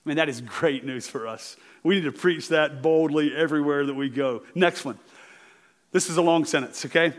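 A man's voice: fairly high pitch, moderate pace, long reverb tail. A man preaching a Sunday sermon, earnest, often repeating words and checking in with "okay?". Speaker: pastor.

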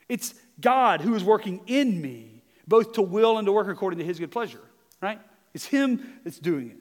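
A high-pitched man with a Southern US accent preaches earnestly to his congregation. His emphatic sermon rings through a church with a long reverb tail, broken now and then by a quick self-mocking aside. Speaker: pastor. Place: church sanctuary.

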